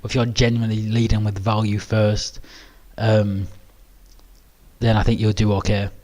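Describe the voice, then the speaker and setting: A man's voice: fairly low pitch, little pitch movement, normal speed, a little mellow. Hesitant British man presenting a webinar. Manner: hesitant, many ums and restarts; modest, self-deprecating. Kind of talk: live webinar Q&A.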